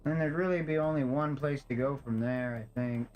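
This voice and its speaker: A man's voice: medium pitch, moderate pace, a little mellow, low-quality recording. A male streamer giving casual gameplay commentary, swearing a lot and ranting in exasperation while overheated in a hot apartment. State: overheated in a stuffy room. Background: faint game music.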